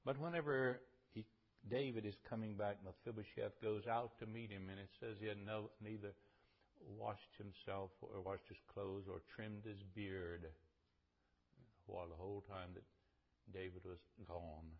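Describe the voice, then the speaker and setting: A man's voice: lowish voice, gravelly, dull audio. A man preaching a sermon, retelling scripture in a conversational way and building to fervent emphasis.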